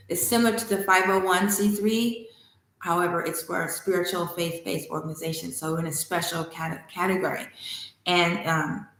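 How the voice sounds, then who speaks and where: A woman's voice: fairly low pitch, a bit bright. Chatty woman in a very echoey room. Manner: chatty, digressive storyteller who laughs easily. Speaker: spiritual teacher and temple founder. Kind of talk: casual devotional talk and reading aloud.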